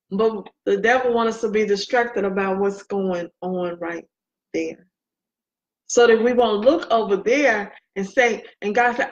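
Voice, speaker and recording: A woman giving an inspirational faith talk, speaking emphatically and repeating key phrases for effect. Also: medium pitch. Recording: dull lo-fi recording.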